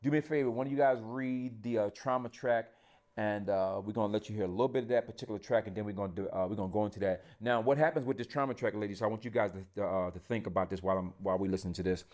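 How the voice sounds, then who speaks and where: A man's voice: lowish voice, steady tone, rapid-fire, darkish tone. A man hosting a podcast, talking bluntly in casual chat with plenty of profanity. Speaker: podcast host.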